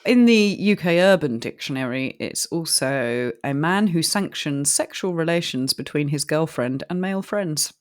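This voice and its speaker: A woman's voice: sits low, expressive, moderate pace, few pauses. A woman co-hosting a casual podcast chat, playful and giggly in her reactions. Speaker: podcast co-host.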